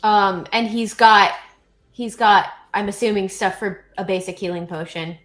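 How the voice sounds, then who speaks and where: A woman's voice: medium pitch, unhurried, a bit bright. A woman playing a tabletop game, asking rule questions and reporting her dice rolls. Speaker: player. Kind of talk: casual tabletop chat.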